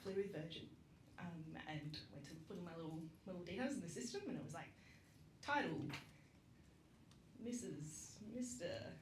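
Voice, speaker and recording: A speaker with an Australian accent telling a funny story at a community vigil, chatty and self-deprecating, with lots of ums and laughter. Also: female voice, on the low side, fast talker. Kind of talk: casual storytelling speech. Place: public gathering in a roomy space. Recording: roomy echo with background noise.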